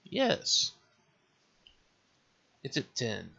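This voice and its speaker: In this casual screen-recorded game development tutorial, a man mutters and thinks aloud to himself while clicking through menus on his computer. His medium-pitched voice is gravelly and sharp, swinging wildly in pitch as he speaks extremely slowly. The lo-fi recording sounds slightly dull.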